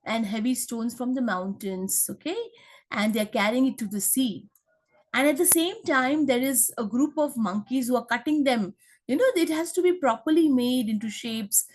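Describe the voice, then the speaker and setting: A woman teacher, explaining a story in a chatty way with many fillers and checks. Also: fairly high pitch. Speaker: English teacher. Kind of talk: explaining a lesson.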